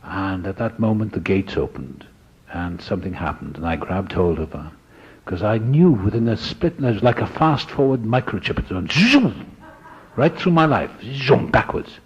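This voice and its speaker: A man speaking at a recovery meeting, telling his story in a lively, dramatic way and acting out the voices of other people. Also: fairly low pitch, normal speed, slightly rough. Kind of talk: storytelling talk. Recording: dull lo-fi recording.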